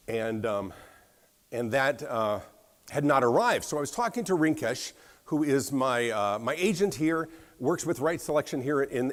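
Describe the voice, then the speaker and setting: An American man giving a conference keynote, telling a story in an animated way, slightly hoarse from a cough. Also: medium pitch. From United States. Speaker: keynote speaker. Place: large conference hall. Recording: reverberant hall sound.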